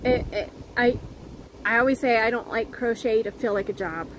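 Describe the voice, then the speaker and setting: A woman chatting earnestly to her viewers as a crochet vlogger, halting and restarting as she goes. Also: a little high, background noise. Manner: earnest, heartfelt. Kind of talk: casual chat to viewers.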